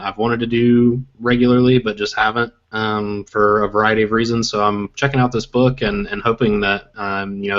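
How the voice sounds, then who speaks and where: Low, flat-voiced man co-host. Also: dull audio. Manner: hesitant, many fillers. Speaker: podcast co-host. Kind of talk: casual chat.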